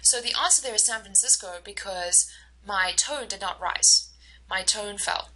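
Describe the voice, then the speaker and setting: A woman instructor giving a recorded lecture, explaining slowly with many fillers and acting out short example dialogues. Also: medium pitch, sharp tone, poor audio.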